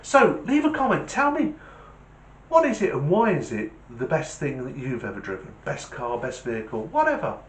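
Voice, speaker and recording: A man's voice: a little high, wildly swooping pitch, normal speed, reverberant, a little hiss or hum. A man hosting his own vlog, chatting enthusiastically and telling a joke. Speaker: channel host.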